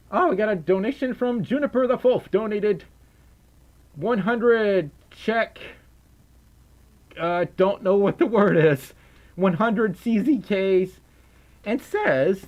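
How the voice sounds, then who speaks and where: A young male streamer rambling through donations and viewer questions, laughing easily and losing his train of thought. His voice sits a little high and swings up and down a lot as he talks. He sounds casual and easily distracted. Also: muffled recording. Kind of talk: casual livestream chat, reading donations.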